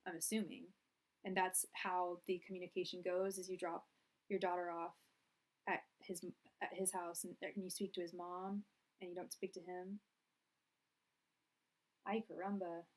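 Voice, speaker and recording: A woman's voice: on the low side, flat delivery, moderate pace, pauses often. Casual woman reading tarot cards. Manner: casual, rambling, many fillers and restarts; projecting loudly so the audio carries. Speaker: tarot reader. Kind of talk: live-stream tarot reading.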